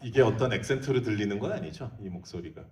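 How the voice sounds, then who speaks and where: A middle-aged Korean-accented film director answers audience questions in a deep, low voice. He talks very fast, laughing and restarting his English sentences. He sounds far from the mic in a big echoey hall. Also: lively intonation. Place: large theater hall.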